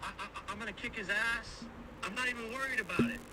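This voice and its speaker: AI voice of a cocky young boxer, distant and noisy. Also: male voice, extremely high pitch, quick pace, bright, forceful tone, heavily acted. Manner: cocky, casual slang, confident boasting. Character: AI chat voice imitating a cocky young male boxer. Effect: AI voice clone played from a phone speaker. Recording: distant, noisy phone playback.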